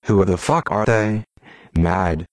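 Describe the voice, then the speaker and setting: A synthetic-sounding man's voice reading out short posts in a monotone, spelling out links letter by letter. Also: low voice, takes it slowly, dry recording. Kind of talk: rapid automated read-out of short posts.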